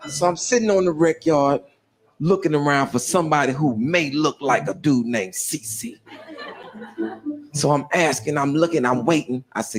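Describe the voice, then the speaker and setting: A man's voice: fairly high pitch, moderate pace. A man telling a stand-up comedy story, voicing the people in it and laughing through his lines. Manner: animated, voices other inmates, laughs through lines.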